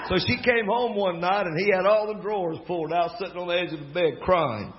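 A man with a Southern US accent, a preacher telling a family story in a folksy, animated way with laughing asides. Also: high voice, fairly quick, few pauses. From American South. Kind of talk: storytelling sermon. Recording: dull lo-fi recording with faint crowd and noise. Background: faint audience laughter.

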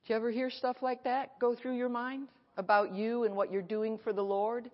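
A woman pastor preaching an animated sermon at a conference and acting out her dialogue, recorded in an echoey hall. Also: on the high side, moderate pace. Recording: echoey hall, dull sound.

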